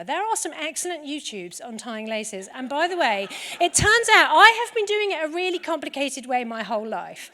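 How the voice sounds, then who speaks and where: A woman giving a talk to a live audience and telling stories in a lively way. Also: sits high, normal speed, long reverb tail. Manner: lively storytelling. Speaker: conference speaker.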